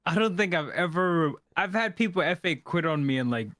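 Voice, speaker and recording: Podcast host: easygoing, slightly high male voice, dry and close. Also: expressive, fairly quick, fairly bright tone, dry recording. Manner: loose, profane, reflective. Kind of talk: casual podcast chat.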